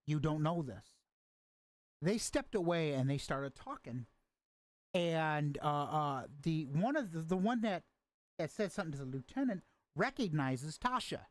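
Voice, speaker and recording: A man narrating as game master of a tabletop game, halting with many restarts and fillers. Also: fairly high pitch, lively intonation, no echo.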